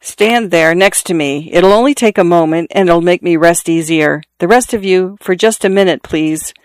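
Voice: mid-range voice, moderate pace, smooth, no echo, close to an everyday voice. A narrator voicing a dying father, insistent and confiding. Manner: confiding, insistent, repeating himself. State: out of breath from a wound. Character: dying middle-aged farmer father, earnest.

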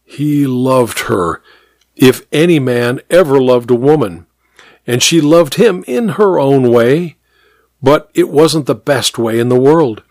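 A man narrating a mystery story in a measured, expressive reading. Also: mid-range voice, no echo, clean studio sound.

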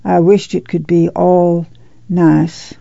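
A woman reading the part of a worn-out, grieving farm mother in a quiet, low voice, on a dull lo-fi recording. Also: level tone, slow pace, creaky, no echo. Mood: weary, grieving. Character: weary, grieving farm mother, middle-aged.

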